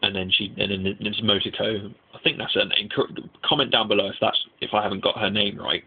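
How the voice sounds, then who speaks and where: A young man rambles through an anime episode recap, excitable and swearing freely. His voice sits a bit low, gravelly and husky. It comes through a tinny, phone-like recording. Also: fairly quick. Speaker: anime reviewer. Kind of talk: casual spoken review. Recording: tinny lo-fi mic.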